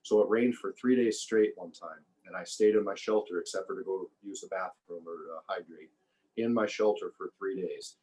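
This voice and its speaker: A man with a very low, deep voice talks as a podcast guest in easy, conversational interview style. He reflects as he goes and often restarts or repeats words while he gathers his thoughts. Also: normal speed, darkish tone, low-quality recording. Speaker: podcast guest, former survival show contestant.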